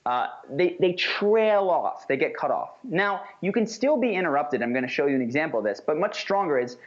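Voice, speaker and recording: A man's voice: mid-range voice, animated, fairly quick, lo-fi sound. A man giving a recorded course lecture, explaining with acted-out examples. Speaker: communication instructor.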